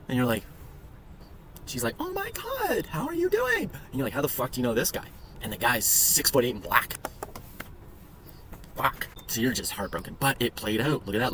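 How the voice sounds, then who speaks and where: A man's voice: medium pitch, a bit bright, a little hiss or hum. A man giving casual, crude and joking commentary while reviewing his trading charts, with profane rambling asides. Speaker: day trading vlogger. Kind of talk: casual screen-share commentary.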